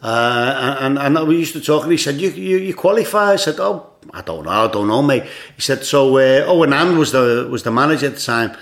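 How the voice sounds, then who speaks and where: A man's voice: mid-range voice, lively intonation, a little fast, hardly any pauses. A man in his sixties with a Liverpool Scouse accent, a former footballer telling stories as a guest, with many repeated words and "you know"s. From Liverpool, England. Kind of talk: anecdotal storytelling.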